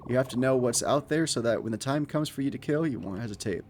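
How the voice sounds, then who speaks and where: A man's voice: mid-range voice, fast, darkish tone, a little hiss or hum, close to an everyday voice. A man reading out a game's stern male assassin mentor in a grim, lecturing way.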